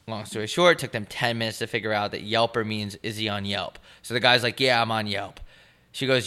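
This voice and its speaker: With a lowish, clean-toned voice and a brisk pace, a young podcast co-host animatedly recounts a story during casual chat. He swears and mimics the people he encountered.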